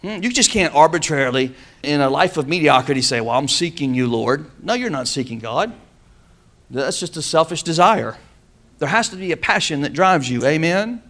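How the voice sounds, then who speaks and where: A man's voice: on the high side, expressive, moderate pace, a bit bright. Man preaching with call-and-response. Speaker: pastor. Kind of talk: sermon.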